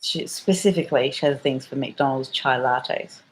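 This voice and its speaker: A woman's voice: extremely low pitch, normal speed, slight background noise, rough recording. A middle-aged woman with an Australian accent, telling a rambling story for her vlog in a chatty way, full of slang and the odd swear word. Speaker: vlogger.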